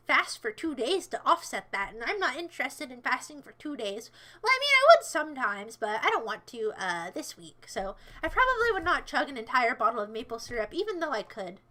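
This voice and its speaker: A woman's voice: sits high, bright, forceful tone. A woman livestreaming in casual chat, answering viewers in a playful, sassy, rambling way.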